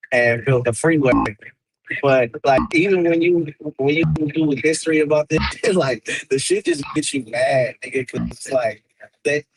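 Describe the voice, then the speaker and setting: A man's voice: medium pitch, a little hiss or hum, low-quality recording. A man speaking as a guest on a live panel, talking heatedly about history and swearing often. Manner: heated, swearing, repeats words. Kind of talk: casual profane chat.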